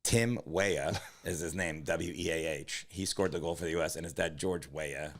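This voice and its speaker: Deep-voiced rambling man. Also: normal speed. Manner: rambling, profane, trailing off often. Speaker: podcast co-host. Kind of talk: casual comedy podcast chat.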